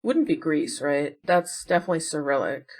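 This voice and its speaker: A woman's voice: sits low, lively intonation, moderate pace. A woman playing puzzle games and thinking aloud in casual commentary, chatty and wondering, with self-deprecating asides. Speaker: puzzle game streamer.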